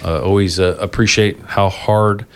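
A man with a fairly low voice hosts a casual union podcast. He talks loosely, circling back to correct himself and breaking into easy laughter between points. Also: steady tone, measured pace, smooth. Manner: rambling, self-correcting, laughs easily.

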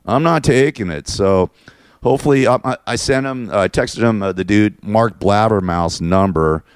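A man's voice: fairly low pitch, moderate pace, smooth, no room sound, clean studio sound. A man hosting his own show, ranting in a crude, sarcastic and mocking way. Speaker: show host. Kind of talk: ranting monologue.

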